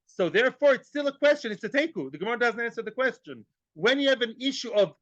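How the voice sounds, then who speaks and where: A man's voice: extremely high pitch, expressive, fast, few pauses, fairly bright tone, dry recording, lo-fi sound. A man giving a Talmud class, joking as he goes, asking rhetorical questions and dropping in Hebrew and Aramaic terms. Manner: rhetorical questions, repeats phrases. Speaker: Talmud teacher.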